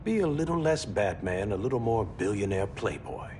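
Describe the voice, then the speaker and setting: An actor playing a calm, sensible male business advisor who gives measured, persuasive advice in a game cutscene. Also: lowish voice, a little hiss or hum. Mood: earnest.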